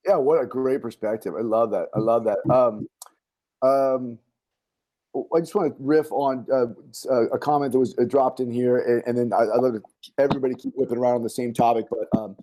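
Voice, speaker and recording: A man's voice: mid-range voice, steady tone, fairly quick, dark tone. A man hosting a casual online parent forum as a school administrator, riffing animatedly with many fillers and restarts over a video call. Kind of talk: casual online community talk.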